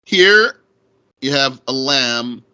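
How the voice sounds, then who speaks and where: Slow, bright-voiced male grammar teacher. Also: medium pitch, lively intonation, clear, resonant tone. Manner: slow, deliberate, repeats terms and asks rhetorical questions. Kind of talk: explaining grammar on a recorded lesson.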